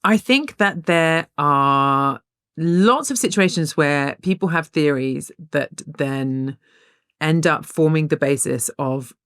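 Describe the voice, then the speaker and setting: A woman's voice: sits low, slow, a bit bright, clean tone, no room sound. Woman, podcast co-host, casual chatty storytelling, laughing while she talks, dry close sound. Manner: chatty storyteller, laughs often mid-sentence. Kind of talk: casual chat.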